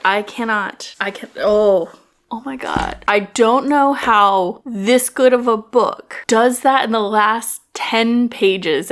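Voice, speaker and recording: Chatty young woman book vlogger. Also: a little high. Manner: chatty, swears freely, gets worked up and ranting. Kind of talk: casual vlog chat.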